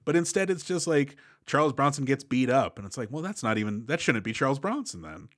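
A man's voice: medium pitch, sing-song, a little fast, a bit bright. A man co-hosting a casual movie podcast, recapping scenes with wry asides. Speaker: podcast co-host.

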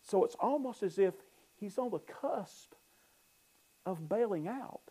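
A man preaching a sermon, reading scripture and explaining it in a conversational way, swinging between loud emphasis and quiet asides. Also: high-pitched, expressive, unhurried, husky. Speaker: pastor.

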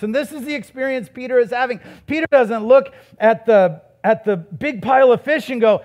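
A man with a notably high-pitched voice delivers a sermon as a pastor. He talks to his congregation in a loose, conversational way, then presses hard and raises his voice on key points. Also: moderate pace, hardly any pauses, darkish tone. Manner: conversational preaching that builds to emphatic, raised passages.

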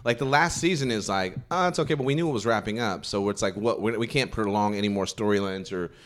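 A man co-hosting a casual podcast chat, animated and laughing as he acts out favorite TV moments. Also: lowish voice, fast. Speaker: podcast co-host.

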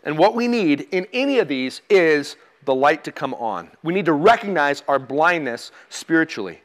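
Preaching at a moderate pace, this high-voiced pastor keeps things relaxed and plain-spoken, adding bits of humor. He often addresses his audience with direct questions.

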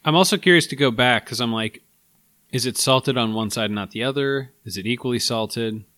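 A man co-hosting a casual food-tasting podcast, playful and quick to laugh. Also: mid-range voice, a bit bright, no room sound. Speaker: podcast co-host. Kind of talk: casual chat.

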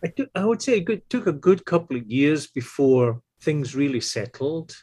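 A man in his sixties, a tuba player and teacher, telling stories in a relaxed, animated way and acting out the voices he quotes. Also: fairly high pitch, moderate pace, slightly rough. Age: 60s. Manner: animated, acts out quoted voices, chuckles often. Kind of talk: relaxed anecdotal storytelling.

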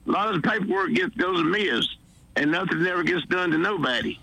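A man's voice: high voice, brisk, vocal fry, sharp tone, dry recording, rough recording. A man with a Southern accent calling in to a radio show by phone while driving, rambling and exasperated. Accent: Southern US, Alabama. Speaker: caller. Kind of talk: call-in phone chat.

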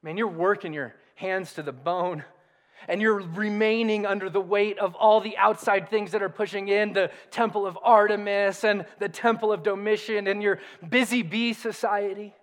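Pastor, male, lively conversational sermon, light high voice, church-hall reverb. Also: moderate pace. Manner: animated, conversational preaching with emphatic repetition.

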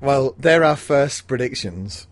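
A man's voice: mid-range voice, lively intonation, slow pace, dry recording. Male co-host, rambling bawdy teller, dry close sound. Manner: rambling, bawdy, giggly storytelling. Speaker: podcast co-host. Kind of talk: casual chat about a mystery novel.

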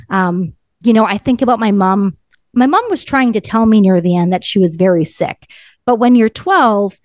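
A woman's voice: medium pitch, a little mellow, no echo. A woman, telling a personal story as a podcast co-host in an earnest, reflective way with many "like" fillers. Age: 30s.

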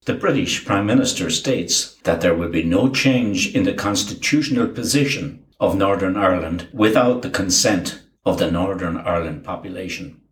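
A man with a low, deep voice delivers scripted documentary narration. He reads names and dates in a measured, even way. The recording carries a noticeable roomy echo.

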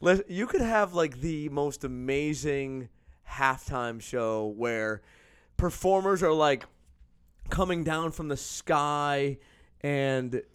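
A man co-hosting a casual sports podcast, talking in an animated, excitable way and laughing often. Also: a little high, slow, clean tone, dry recording, studio quality. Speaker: podcast co-host.

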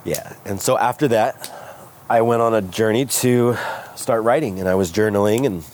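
A man from California, a guest entrepreneur, candidly telling his story with animated retellings of what people said. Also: on the low side, normal speed, a little hiss or hum. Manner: animated, acts out quoted voices. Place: outdoors by a smoky fire.

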